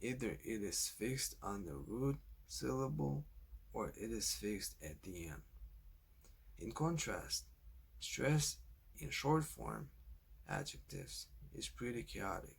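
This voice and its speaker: A man narrating a scripted language lesson, speaking slowly and deliberately, carefully spelling out example words. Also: fairly low pitch, big pitch swings, vocal fry, breathy edge. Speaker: language teacher.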